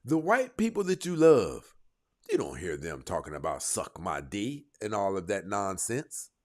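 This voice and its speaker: A man's voice: fairly low pitch, very animated, moderate pace. A man hosting an online commentary show, reacting to clips in a heated, emphatic way and repeating points for emphasis.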